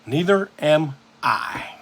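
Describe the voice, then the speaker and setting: A man's voice: on the high side, animated, slow pace, fairly bright tone, slight background noise. A man hosting a live music show, telling a rambling, profane story in a casual monologue.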